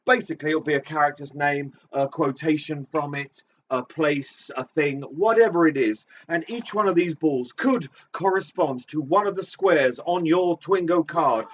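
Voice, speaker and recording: A man's voice: on the high side, normal speed, hardly any pauses, a little hiss or hum. A man hosting a live comedy game show in a playful, camp, theatrical way, from a small club stage. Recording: distant, dull lo-fi stream audio.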